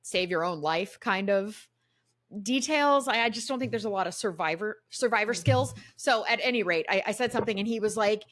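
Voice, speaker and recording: A woman from Florida co-hosting a casual podcast, telling stories in an animated, ranting way from her home desk. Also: medium pitch, a little fast. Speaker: podcast co-host. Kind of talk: casual chat. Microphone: video call setup.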